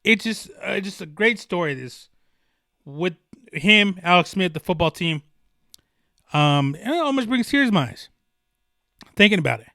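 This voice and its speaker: A young man riffs through a solo sports podcast, his voice bright and a touch high. He talks with fervent emphasis, circling back and restarting his thoughts. The sound is dry and close. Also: expressive, normal speed, creaky, long pauses, no room sound. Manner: passionate, emphatic, rambling with restarts. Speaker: podcast host.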